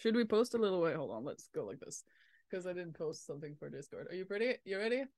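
A woman co-hosts a casual podcast from a small basement studio, her voice low and her pace quick. She rambles through stories with many fillers and restarts. The sound is close and dry. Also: very animated, darkish tone, no room sound. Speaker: podcast co-host. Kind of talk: casual chat. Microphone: studio mic.

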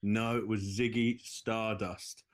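A man's voice: fairly low pitch, flat delivery, slow pace. A man with a British accent co-hosting a podcast in casual chat, dry and joking. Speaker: podcast co-host.

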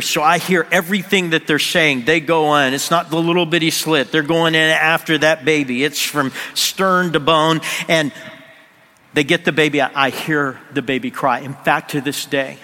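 A man's voice: fairly high pitch, sharp tone. Man preaching in a reverberant hall. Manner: drops to near-whisper on emotional moments. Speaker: pastor. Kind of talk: sermon storytelling.

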